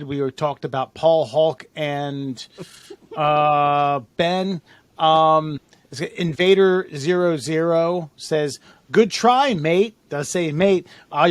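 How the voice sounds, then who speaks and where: A man's voice: fairly high pitch, no room sound. A man co-hosting a podcast, casually reading out listener comments with loose, jokey asides and frequent laughs. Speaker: podcast co-host.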